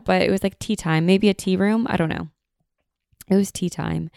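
A young American woman hosts a casual podcast and gushes through her stories in a chatty way. Her voice sits low for a woman and carries a gravelly fry, yet it stays smooth and resonant, and the recording is close and dry. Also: a little mellow, no room sound. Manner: gushing and chatty, filled with "like". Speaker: podcast host. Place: home in a beach town at sunset.

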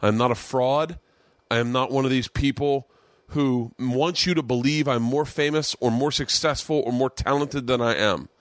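A man in his forties hosting a podcast, telling a rambling, profane story with excitable energy. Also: mid-range voice, normal speed, dry recording, clean studio sound. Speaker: podcast host. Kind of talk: casual storytelling monologue.

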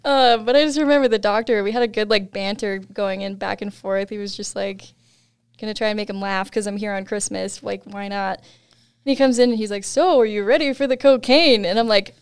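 A young woman guest on a podcast, telling a story in casual chat, laughing often and animated when quoting others. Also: mid-range voice, fairly quick, clean tone, no room sound.

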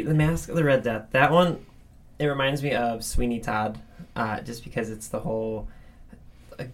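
A podcast co-host chatting casually about books, rambling and animated, often going off on tangents. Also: mid-range voice.

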